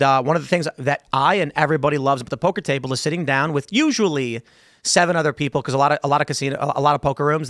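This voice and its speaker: A man hosting a casual talk show, arguing quickly and reading out viewer comments. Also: medium pitch, a bit bright, no echo, clean studio sound. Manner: argumentative, fast, mock-quotes people in asides. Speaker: host.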